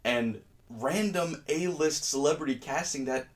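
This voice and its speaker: A man's voice: fairly high pitch, measured pace, soft background music. Exasperated man ranting on camera. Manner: exasperated, sarcastic. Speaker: host. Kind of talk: ranting commentary.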